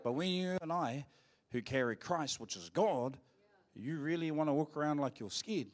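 A male pastor with a New Zealand accent, preaching a sermon in a church and telling cheeky, joking stories, acting out quotes in a louder voice. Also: a little high, lively intonation, moderate pace. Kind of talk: sermon with storytelling.

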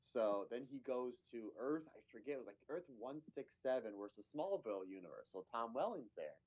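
A man's voice: medium pitch, big pitch swings, moderate pace, darkish tone, muffled recording. A man in casual chat, recapping a TV episode in a rambling way with lots of fillers and restarts.

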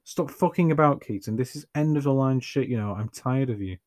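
A man voicing a sharp-tongued, sarcastic young woman who snaps back loudly. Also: medium pitch, a little fast, voice pushed up, close to an everyday voice. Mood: furious. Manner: indignant, sarcastic, loud outbursts.

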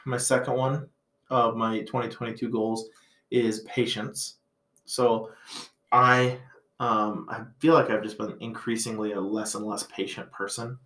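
A man's voice: fairly low pitch, level tone, a little slow, fairly bright tone. A man in his thirties hosting a casual podcast chat, reflective and rambling, with plenty of filler words. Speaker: podcast host. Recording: roomy echo.

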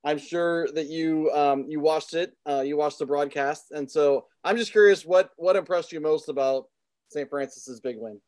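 A man with a slightly high voice hosts a casual sports chat. He is easygoing and teasing, often pausing on fillers. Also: darkish tone. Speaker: co-host.

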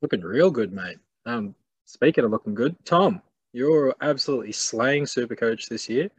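Aussie bloke hosting a footy podcast, easygoing matey chat, middle pitch. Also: male voice, moderate pace, husky. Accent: Australian. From Queensland. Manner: relaxed, matey banter. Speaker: podcast host. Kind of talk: casual sports podcast chat.

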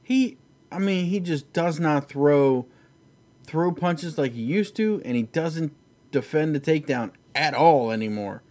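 A man's voice: a little high, expressive, a little slow, a little mellow. A man hosting a casual, profane chat about fights, rambling and laughing easily. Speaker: podcast host.

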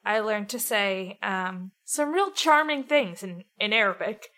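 Bright, blunt young woman host. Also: medium pitch, animated, measured pace. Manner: blunt, frank, swears freely. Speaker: podcast co-host, interviewer. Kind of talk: casual podcast conversation.

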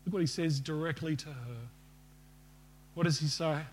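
A man's voice: fairly high pitch, normal speed, slight background noise. A man preaching a sermon to a congregation, asking them questions and ending with a prayer. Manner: asks the congregation questions and leads a closing prayer.

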